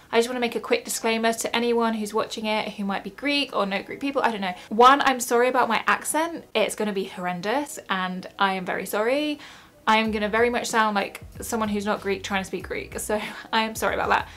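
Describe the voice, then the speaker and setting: A woman's voice: on the high side, fairly bright tone. A young woman vlogging from home in a chatty, rambling, self-mocking way. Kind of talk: casual vlog chat.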